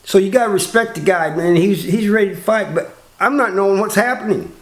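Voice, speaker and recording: A man's voice: high-pitched, a little fast. Laid-back older man telling a prison story. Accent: Southern US. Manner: laid-back, drawling, repeats words as he talks. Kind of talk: casual spoken storytelling. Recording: roomy echo.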